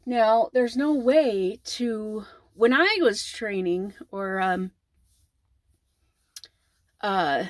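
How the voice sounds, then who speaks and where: Chatty slow-talking woman vlogger. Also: medium pitch, animated. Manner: rambling, chatty, with many fillers and restarts; informal slang, mock exasperation. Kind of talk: casual chat.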